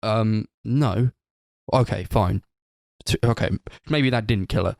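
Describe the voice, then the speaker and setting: A man with a fairly low voice, recorded close and dry, retelling a film plot in a relaxed podcast chat. He talks animatedly and slips into quick impressions of the characters. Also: vocal fry, no room sound. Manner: animated storyteller, acts out characters' lines. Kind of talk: casual film review chat.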